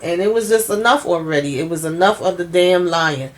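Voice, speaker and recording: A woman's voice: fairly low pitch, brisk. Chatty, blunt woman recapping a TV episode. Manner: chatty, blunt and profane, addressing viewers as "y'all". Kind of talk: casual spoken episode recap.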